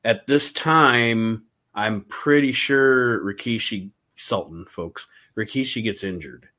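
A man's voice: on the low side, takes it slowly, pushed and bright. A man on a podcast as guest, chatting casually in rambling, self-correcting asides. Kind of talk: casual chat.

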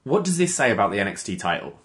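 A man's voice: on the low side, very animated, fast talker, a bit bright. A man co-hosting a podcast, weighing in on wrestling storylines in casual chat. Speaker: podcast co-host.

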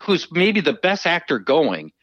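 A man on a podcast chats eagerly, his pitch bouncing up and down as he talks. The mic sounds a bit dull and muffled, and the room is dry. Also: sing-song, measured pace, a bit bright, no echo. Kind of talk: casual chat.

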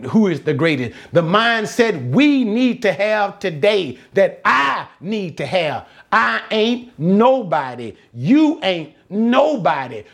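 A man preaching a sermon, impassioned, repeating phrases and drawing out words for emphasis. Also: fairly high pitch.

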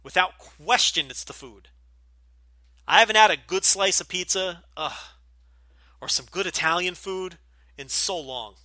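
A man's voice: high-pitched, a little slow, pauses often, bright, forceful tone, no room sound. Blunt, profane man with a Jersey accent. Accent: New Jersey. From Northeastern US, New Jersey. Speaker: podcast host. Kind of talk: casual Q&A podcast.

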